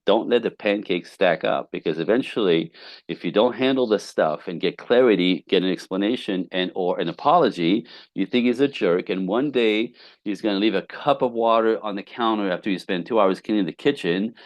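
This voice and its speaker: A man who is a relationship coach, telling client stories on a podcast with lively acted-out quotes and casual swearing. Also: fairly low pitch, brisk, no echo, dull audio. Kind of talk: podcast interview guest.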